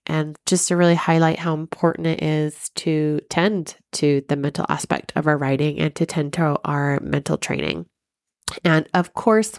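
A woman's voice: sits low, creaky, darkish tone, no echo, studio quality. A woman hosting her own podcast, sick and a bit stuffy-nosed, telling a story in a chatty, friendly way. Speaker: podcast host and mindset coach. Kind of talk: casual solo podcast talk.

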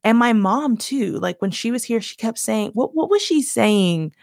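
A woman's voice: fairly high pitch, expressive, moderate pace, gravelly, darkish tone, dry recording. Chatty young Southern woman, dry sound. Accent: Southern US (Virginia). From Virginia, US. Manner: chatty, rambling, heavy "like" filler, self-mocking laughs. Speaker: podcast host. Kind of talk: casual solo chat.

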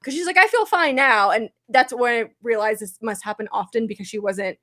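A woman co-hosting a casual podcast, telling a story in an animated way, swearing often and acting out the people she quotes. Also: fairly high pitch, fairly quick. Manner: animated, swears a lot, acts out quoted voices. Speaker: podcast co-host.

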